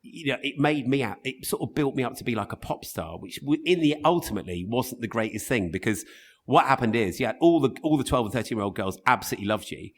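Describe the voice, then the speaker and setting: A man in his fifties chats as an interview guest, telling stories quickly and animatedly. His pitch leaps up and down as he restarts sentences and piles up asides. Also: expressive. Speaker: radio presenter, guest. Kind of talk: casual interview chat.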